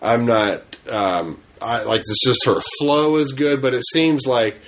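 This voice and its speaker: A man co-hosting a podcast in casual chat, teasing and quick with interjections. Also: medium pitch, fairly bright tone, slight background noise. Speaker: podcast co-host.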